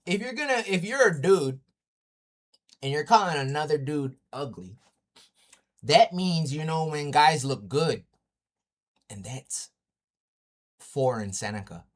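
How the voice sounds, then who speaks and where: This livestreamer, an Indigenous North American man, has a mid-range voice with a fairly bright tone. Speaking into his home streaming mic during a casual stream, he trash-talks brashly and profanely, laughing a lot.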